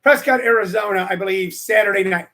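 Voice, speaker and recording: A man's voice: sits high, a little fast, bright, forceful tone. A man in his sixties hosting a casual livestream show, a comedian who rambles and jokes between plugs and stories. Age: 60s. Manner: rambling, joking, digressive. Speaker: show host and stand-up comedian.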